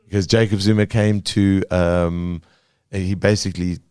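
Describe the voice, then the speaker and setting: A cartoonist as a podcast guest, talking thoughtfully with many fillers and restarts. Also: male voice, low-pitched, flat delivery, measured pace, a little mellow, smooth, no echo. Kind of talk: podcast interview.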